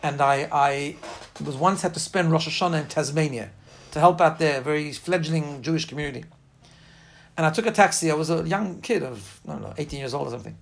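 A man with a fairly high-pitched voice and vocal fry gives an informal spoken class on faith. He speaks earnestly and emphatically, weaving personal anecdotes into the lecture.

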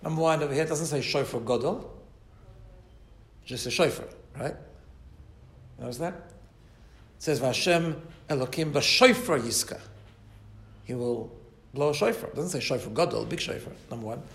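A man's voice: mid-range voice, moderate pace, creaky, pauses often. A man teaching a class on a Hebrew text. He translates it phrase by phrase and keeps checking in with his listeners. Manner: explains Hebrew text line by line, checks in with "right?". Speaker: Torah teacher. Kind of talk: text-based Torah class. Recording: echoey room.

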